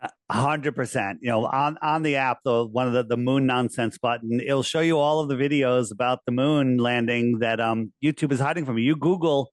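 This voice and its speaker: A man in a casual interview who talks in an animated, persuasive way and often restarts his sentences. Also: medium pitch, moderate pace, no room sound. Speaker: interviewee, flat-earth promoter.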